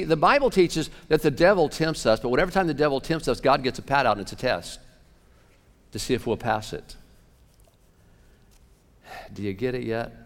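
A man preaching a sermon as pastor, animated, shifting between loud outbursts and hushed asides. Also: medium pitch, creaky. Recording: long reverb of a large hall.

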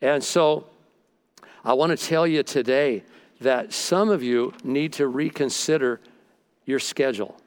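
A middle-aged male pastor delivering a sermon, telling stories and shifting between loud and soft for emphasis. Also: mid-range voice, measured pace, smooth.

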